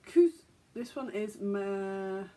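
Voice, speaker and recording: A woman's voice: mid-range voice, extremely slow, warm tone. A woman hosting a podcast, chatting casually and joking at her own expense as she stumbles over foreign words. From England. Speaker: podcast host.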